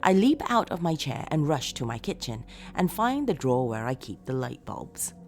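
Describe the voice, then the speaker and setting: A woman narrating a first-person horror story in a dramatic, expressive way, moving between hushed lines and shouts. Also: sits low, normal speed, faint music behind.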